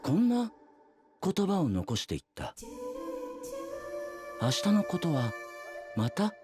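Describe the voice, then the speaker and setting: Wry young anime hero, mock-solemn, lively pitch, score playing underneath. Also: male voice, moderate pace. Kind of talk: anime dialogue clip. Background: music.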